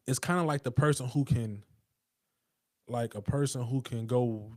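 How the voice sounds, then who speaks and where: Man, streetwise slang, profane, emphatic, warm dark voice, dry close sound. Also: medium pitch, normal speed, dry recording. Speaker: podcast host. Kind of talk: casual monologue.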